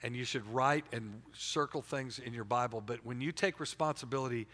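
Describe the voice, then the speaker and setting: A man with a mid-range voice preaches a sermon at a moderate pace in a church sanctuary, his words echoing in the large hall. He's energetic and colloquial, often repeating himself and stumbling to restart words.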